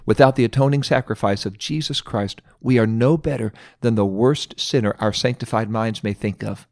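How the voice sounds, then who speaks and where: A man's voice: mid-range voice, darkish tone, no echo. Earnest male preacher, dry close sound. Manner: earnest, emphatic, slows down for stress. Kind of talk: devotional sermon with study questions.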